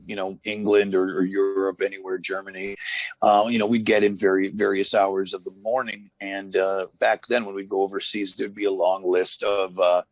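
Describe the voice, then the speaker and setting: Former wrestler in his fifties, low gravelly voice, chatty and rambling, dry close recording. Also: dry recording. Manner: rambling storyteller, many fillers and restarts. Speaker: interview guest, former wrestler. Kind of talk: casual shoot interview.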